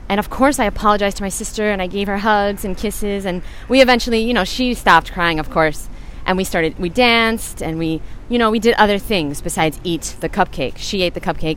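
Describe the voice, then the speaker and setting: A woman's voice: medium pitch, a little hiss or hum. A woman in her forties telling a personal story as a motivational podcast host, earnest and emphatic, speaking straight to her listeners.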